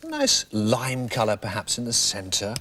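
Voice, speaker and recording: A man's voice: mid-range voice, wildly swooping pitch, a little slow, noisy background. A man from England presenting a children's TV show, demonstrating a craft in a playful, theatrical way.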